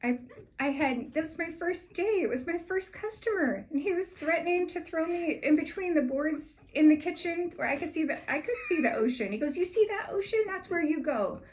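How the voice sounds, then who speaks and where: A woman, a sales manager, tells an earnest personal story as part of a proposal pitch and gets animated as she recounts it. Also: moderate pace. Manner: earnest, grows animated while retelling events.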